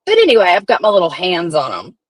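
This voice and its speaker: A woman's voice: on the low side, huge pitch swings, quick pace, no room sound, rough recording. A woman hosting a profane, chatty commentary stream. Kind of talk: casual gossip commentary.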